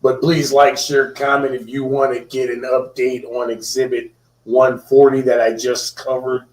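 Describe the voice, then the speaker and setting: A man's voice: mid-range voice, little pitch movement, normal speed, echoey room, recorded from a distance, rough recording. A man hosting a watchdog channel, delivering fiery commentary with an impassioned, indignant edge.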